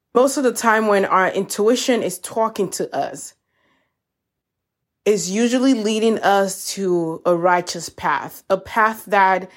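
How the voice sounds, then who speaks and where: Woman host, reflective self-help talk, unhurried and gentle, mid pitch, warmly encouraging listeners. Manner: slow, gentle and encouraging, addressing listeners as y'all. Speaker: podcast host.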